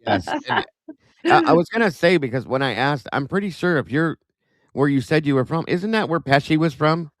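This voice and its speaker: A man hosting a live stream chat, telling animated family stories. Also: a little high, normal speed, no room sound. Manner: animated storyteller, mimics relatives' voices. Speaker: host. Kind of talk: casual chat. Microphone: live stream mic.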